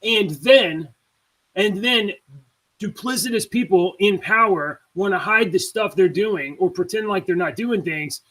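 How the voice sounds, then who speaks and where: A man's voice: sits high, measured pace, fairly bright tone, low-quality recording. A man co-hosting a casual podcast, explaining things and laughing easily. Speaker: podcast co-host.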